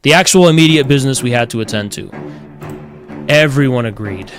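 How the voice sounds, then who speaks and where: A man's voice: medium pitch, animated, fairly quick, faint music behind. A man streaming, telling a long story in a blunt, profane manner and quoting others mockingly. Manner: blunt, swears a lot, quotes others mockingly. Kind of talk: casual storytelling.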